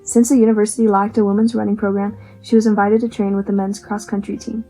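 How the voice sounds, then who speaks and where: A young woman reading the narration of a student documentary in a steady, read-aloud way. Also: mid-range voice, quick pace, faint music behind, rough recording. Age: young adult.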